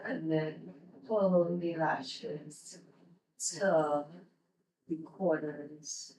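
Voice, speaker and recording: A woman's voice: deep voice, steady tone, darkish tone, distant mic. A woman giving a makeup tutorial, talking viewers through each step. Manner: slow step-by-step instructions to viewers. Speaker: beauty vlogger. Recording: roomy, away from the mic.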